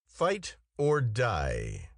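A man's voice: lowish voice, wildly swooping pitch, extremely slow, no room sound, clean studio sound, full character voice. A man voicing a furious, vengeful knight in a storybook reading, speaking in an angry, threatening way.

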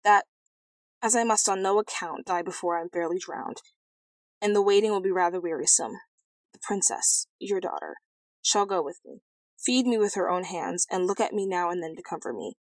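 A woman voicing a cool, blunt young prince in a storybook reading, calm and matter-of-fact. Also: on the low side, normal speed, dry recording, lightly acted. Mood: earnest.

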